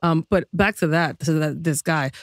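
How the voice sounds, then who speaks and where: Man, podcast co-host, rambling, laughing, highish voice, dry close mic. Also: normal speed, no room sound. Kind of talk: casual comedy podcast chat.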